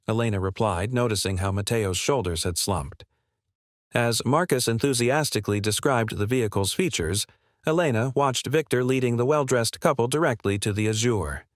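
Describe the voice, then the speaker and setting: A man reading a scripted story in an even, measured way. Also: fairly low pitch, no echo, studio quality. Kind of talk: scripted narration.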